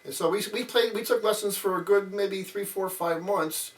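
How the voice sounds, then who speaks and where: A man's voice: high voice, moderate pace. A man in his sixties telling childhood stories in a casual interview, rambling with lots of fillers. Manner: rambling, many fillers, acts out quotes. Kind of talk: casual storytelling. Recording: voice a bit far from mic.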